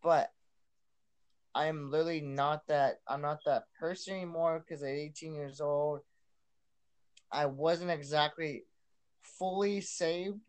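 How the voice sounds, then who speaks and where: A man's voice: on the high side, fairly even intonation, unhurried, pauses often, clear, resonant tone. A young man sharing his personal testimony as a podcast guest, earnest and repeating himself, restarting lines as he goes.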